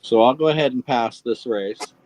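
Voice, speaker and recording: A man co-hosting a live stream, chatting casually and telling corny jokes deadpan. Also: mid-range voice, moderate pace, rough recording. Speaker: stream co-host. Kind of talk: casual joke-telling chat.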